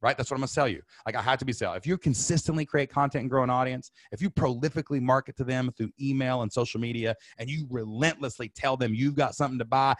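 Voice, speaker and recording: Thirties male webinar host, rapid-fire hype delivery, dry close mic. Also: medium pitch, no echo. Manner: fired-up, preachy, repeats slogans, loud whoops. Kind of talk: energetic sales webinar talk. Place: home studio under lights.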